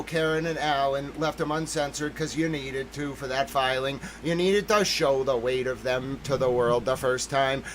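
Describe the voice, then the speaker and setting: Male livestream host, high-pitched, excitable and emphatic, keeps repeating himself for emphasis. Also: slight background noise, poor audio. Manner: talks to chat members directly by name. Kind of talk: livestream commentary.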